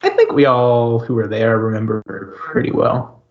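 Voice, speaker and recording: A man's voice: medium pitch, normal speed, slight background noise. Joking man on muffled voice chat. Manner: joking, teasing. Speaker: player. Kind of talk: casual chat between players.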